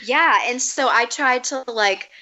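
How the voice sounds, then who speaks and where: A young adult woman chatting as a podcast guest, upbeat and talkative with quick asides. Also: a little high, pushed and bright, highs cut off. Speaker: podcast guest, comedic video creator. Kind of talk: casual podcast chat.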